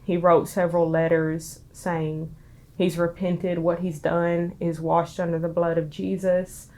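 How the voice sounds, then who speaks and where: A young woman with a Southern US accent speaks through tears in a quiet, halting way, pausing and restarting often. Her voice sits low and moves little in pitch, giving a flat, subdued delivery. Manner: halting, soft-spoken, many pauses and restarts. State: crying. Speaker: interviewee. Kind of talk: emotional personal testimony.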